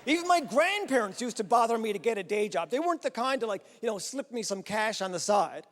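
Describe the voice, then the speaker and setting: High-voiced man doing stand-up. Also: lively intonation, brisk. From Newfoundland, Canada. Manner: playful, self-deprecating, punchy delivery. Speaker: comedy festival host. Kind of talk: stand-up comedy. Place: large theater with live audience. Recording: hall reverb, crowd and noise behind.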